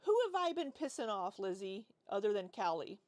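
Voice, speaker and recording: A woman's voice: mid-range voice, big pitch swings, brisk, darkish tone, dry recording. A woman in her forties chatting casually on a livestream, rambling as she reads and answers chat. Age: 40s. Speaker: livestream host.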